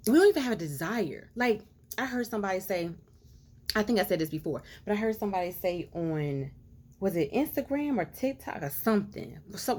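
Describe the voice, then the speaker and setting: A woman's voice: mid-range voice, a little mellow. A woman giving an impassioned monologue to camera, earnest and preachy, piling up rhetorical questions and stretching out words for emphasis. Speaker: social commentator.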